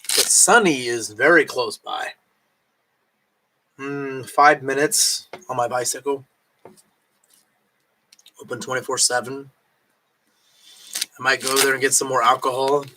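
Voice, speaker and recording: A drunk man chats loosely on a late-night live stream, his voice bright and forward. He rambles from one thought to the next, swearing often and chewing food as he talks. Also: medium pitch, fairly even intonation, measured pace, long pauses, slight background noise, poor audio.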